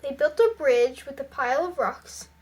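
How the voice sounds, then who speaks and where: A woman's voice: high voice, moderate pace, darkish tone, a little hiss or hum. A woman reading a children's picture book aloud in a careful storytelling voice. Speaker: storybook reader.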